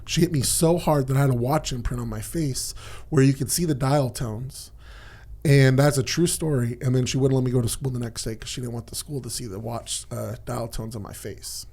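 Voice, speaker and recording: A man's voice: medium pitch, fairly even intonation, fairly quick, a little mellow. A man in a mid-range voice tells personal stories on a podcast, speaking frankly and casually. He swears freely and peppers his talk with "man" and "dude". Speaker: podcast guest.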